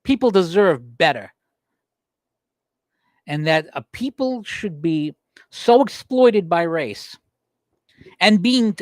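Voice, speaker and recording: Impassioned talk host with a lively voice. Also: male voice, slow, long pauses, no echo, studio quality. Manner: heated, emphatic, pitch rising sharply when worked up. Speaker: political talk show host. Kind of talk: impassioned political monologue. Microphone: livestream desk microphone.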